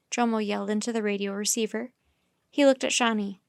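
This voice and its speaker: Lady reading a kids book out loud, soft and steady, dead dry mic. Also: medium pitch, brisk, vocal fry, clean tone, dry recording. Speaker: storyteller. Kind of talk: children's book read-aloud.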